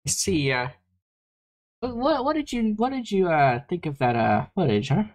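A woman's voice: fairly low pitch, big pitch swings, normal speed, a little mellow. A woman co-hosting a comedic podcast, stammering and flustered, often repeating her words. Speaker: podcast co-host. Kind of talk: comedic vtuber podcast banter.

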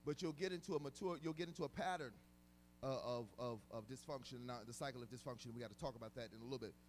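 A man preaching a sermon as pastor, emphatic and colloquial, repeating words and swinging from quiet stretches to shouts. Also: medium pitch, racing, slight background noise. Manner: casual, colloquial speech.

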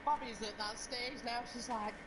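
A woman chatting and telling stories while gaming live, swearing freely and laughing loudly. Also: a little high, normal speed. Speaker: streamer. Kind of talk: casual chat while gaming. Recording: background noise.

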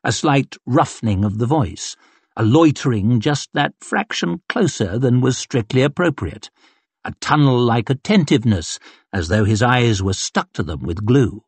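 A man narrating an audiobook in a wry, expressive reading. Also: mid-range voice, moderate pace, husky, no room sound. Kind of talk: scripted narration.

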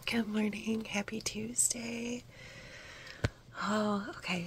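A woman knitting vlogger, whispering softly as she talks casually to the camera about gifts she has received. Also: medium pitch, fairly even intonation, slow pace, pauses often, slightly rough. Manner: soft hushed whispering, gushing over gifts. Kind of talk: whispered casual vlog narration.

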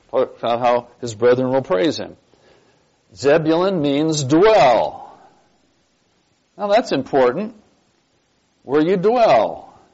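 A man's voice: medium pitch, a little mellow. A man teaching a church Bible class, stressing key points and quizzing his listeners with questions. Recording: dull lo-fi recording.

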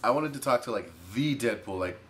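A man playing an unsure, halting caller to a telethon in an improvised comedy sketch. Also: medium pitch, animated, lightly acted. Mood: hesitant. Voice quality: halting, unsure, many fillers. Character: hesitant man calling a telethon.

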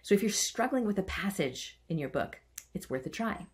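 A woman's voice: medium pitch, animated, moderate pace. A woman teaching a writing workshop. She chants the stressed beats aloud and adds playful, self-mocking asides. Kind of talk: online writing lesson.

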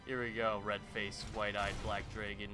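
A young man hosting a let's-play, commenting as he goes. He mutters nervously, then bursts into loud exclaims and yelps. Game music plays clearly behind his voice. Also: on the low side, flat delivery, normal speed. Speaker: gaming channel host.

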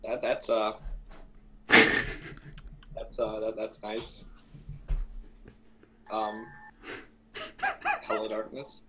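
A man's voice: on the low side, completely flat delivery, extremely slow, long pauses. A young man playing in a tabletop game, stammering and swearing as he decides what to do. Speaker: player. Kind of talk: casual tabletop game chat. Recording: clear background noise on the line.

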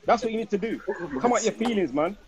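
A man's voice: sits high, animated, fast, crowd noise. A man with a lilt, lecturing and repeating himself in a heated livestream argument.

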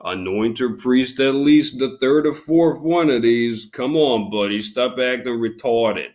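A man giving casual unboxing commentary at a slow, drawn-out pace, with a voice of ordinary pitch. He complains in exaggerated outrage and punctuates it with loud exclamations. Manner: exasperated, mock-outraged griping with loud exclamations. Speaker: YouTube unboxing host.

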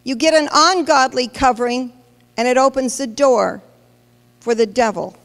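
At a moderate pace and in a high voice, a woman pastor emphatically preaches, challenging the congregation with direct questions. The large church hall gives the recording a long reverb.

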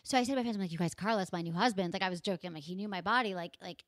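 A woman in her thirties tells a story at a rapid clip and acts out every line she quotes. The sound is close and dry, with no room around her. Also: fairly low pitch, no echo. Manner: animated storytelling, acting out quotes. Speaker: podcast host. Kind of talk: casual chat.

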